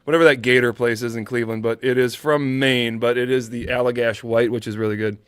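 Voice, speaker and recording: A man's voice: medium pitch, fairly even intonation, quick pace, clean tone, dry recording. A man co-hosting a live chat show, teasing the others with swearing and mock exasperation. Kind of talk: casual banter on a live show.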